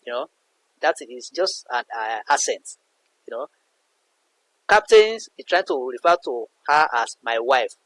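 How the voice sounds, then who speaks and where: A man's voice: mid-range voice, sing-song, a little slow, long pauses, fairly bright tone, poor audio. A man teaching a literature lesson in an emphatic way, repeating points for his students. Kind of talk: explanatory lesson narration.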